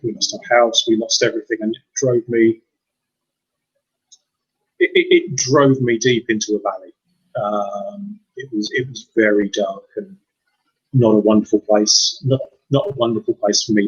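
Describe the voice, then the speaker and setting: Man in his fifties, husky, halting, dull lo-fi call audio. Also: lowish voice. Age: 50s. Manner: reflective, halting with repeated restarts. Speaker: guest, mindset coach. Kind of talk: candid personal story.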